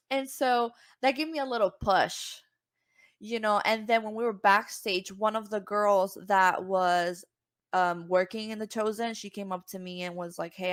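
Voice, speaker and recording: A woman from Cuba, a singer and podcast guest, telling a story casually and acting out the voices she quotes with big jumps in pitch. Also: steady tone, unhurried, clean tone, dry recording, studio quality.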